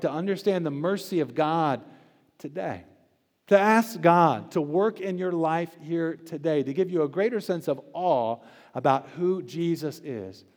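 A male pastor delivering a sermon, pressing hard on key words and then dropping to a near hush at the ends of phrases. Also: fairly high pitch. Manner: emphatic preaching, swinging between loud stresses and quiet drops. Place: church sanctuary. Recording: long church reverb.

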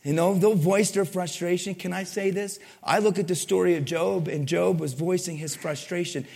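A man's voice: sits high, fairly even intonation, normal speed, creaky, a little mellow, husky. A man preaching a sermon in a conversational way, often asking his listeners for an amen. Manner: conversational, asks the crowd for amens. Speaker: pastor. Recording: long hall reverb.

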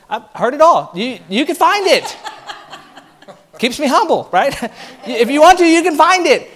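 A male pastor with a noticeably high-pitched voice delivers a sermon with lots of energy. He keeps acting out the voices of the people he describes. The delivery is conversational and lively. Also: moderate pace. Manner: animated, acts out quoted voices.

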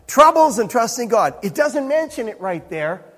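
A man's voice: extremely high pitch, sing-song, normal speed, fairly bright tone. A man preaching a sermon as pastor, in a conversational, self-interrupting way with chuckling asides. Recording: reverberant hall.

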